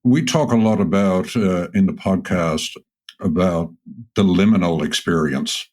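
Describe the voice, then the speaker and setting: A man with a very deep voice co-hosts a podcast. He talks in a measured, thoughtful way and builds long, reflective questions before handing them over to his guest. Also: a little mellow. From Ireland. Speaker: podcast co-host. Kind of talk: reflective interview talk.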